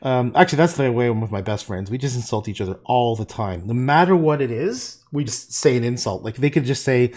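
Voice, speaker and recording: A middle-aged man chatting casually and gruffly while he paints on a livestream, swearing and laughing often. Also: medium pitch, animated, fairly quick, a little mellow.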